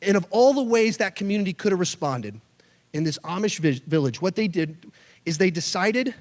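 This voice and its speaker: A youth pastor delivers a sermon with a light, high-pitched voice that swoops up and down as he tells his stories. He keeps it animated and throws in joking asides. The sound rings with the long reverb of a big church hall. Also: normal speed. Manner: animated storyteller, jokey asides. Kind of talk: sermon to a student audience.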